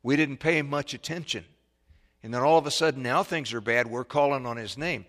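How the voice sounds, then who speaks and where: A man preaching a sermon, telling a folksy childhood story that builds to loud, excited peaks. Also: mid-range voice, a little fast. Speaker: pastor.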